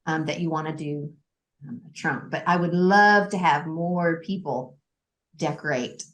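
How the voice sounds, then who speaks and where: A woman co-hosting a church podcast, chatting casually, excitable and quick to laugh. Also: low voice. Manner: laughing often, animated and excitable. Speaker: church staff member and podcast co-host. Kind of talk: casual chat.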